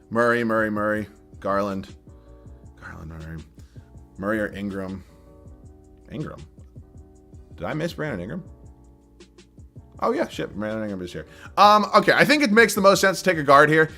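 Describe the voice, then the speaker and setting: A man's voice: medium pitch, bright, forceful tone. A young man from southern Massachusetts streaming live, chatting casually, thinking aloud and laughing as he reads viewer chat.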